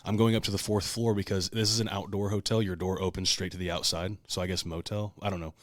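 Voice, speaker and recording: A man's voice: low-pitched, little pitch movement, fast talker, dry recording. A man co-hosting a podcast, telling a long story in casual, profane, heated talk. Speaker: podcast co-host.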